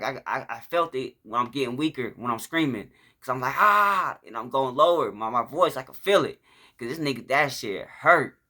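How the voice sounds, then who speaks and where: Bright-voiced man telling a rough story. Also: mid-range voice. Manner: profane, rambling, acts out shouts and quotes. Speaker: vlogger telling his life story. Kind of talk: casual storytelling monologue.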